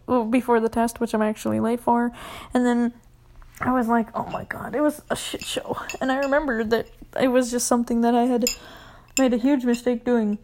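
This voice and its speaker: A woman's voice: fairly high pitch, a little mellow. A young adult woman telling a casual story, rambling and swearing, full of "like", often dropping to a whisper.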